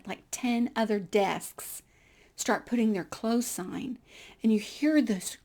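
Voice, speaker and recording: Woman storyteller from the United States, animated, raspy fry in her voice. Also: fairly high pitch. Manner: animated, acts out dialogue, laughs often. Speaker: speaker telling her life story. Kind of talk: personal storytelling.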